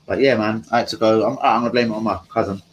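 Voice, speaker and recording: A man's voice: fairly low pitch, fairly even intonation, quick pace, a little hiss or hum, poor audio. A man hosting a live stream from home, chatting casually in a rambling, slangy way and talking to his viewers. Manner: rambling, slangy, talks to chat.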